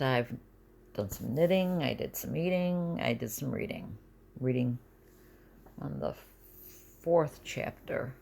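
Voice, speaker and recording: A middle-aged woman talks in a casual, confessional vlog from her bed at home. Her voice is gravelly and she rambles, often trailing down to a near-whisper. Faint background noise sits under the recording. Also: deep voice, darkish tone. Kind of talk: casual personal vlog, venting.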